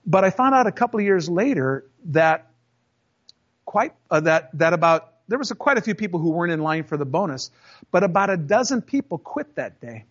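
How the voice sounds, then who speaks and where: A man casually telling a story from his working life, acting out both sides of the arguments with lively emphasis. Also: high voice, a little fast. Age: 30s or older. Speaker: storyteller recounting a job. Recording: dull lo-fi recording.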